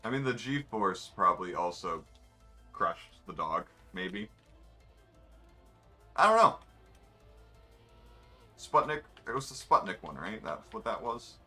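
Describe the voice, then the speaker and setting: A man's voice: low voice, animated, a little slow, bright, forceful tone, breathy edge, faint music behind. A man, rambling in wry, offhand asides while commenting on his racing game. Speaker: gamer streaming a race. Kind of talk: casual gameplay commentary.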